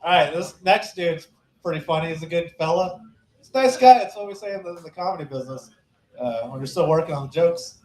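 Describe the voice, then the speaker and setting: A man's voice: on the high side, animated, fast, a little mellow. A man hosting a comedy open mic in a small club, bantering loosely and teasing the comics. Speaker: show host. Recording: echoey club with music.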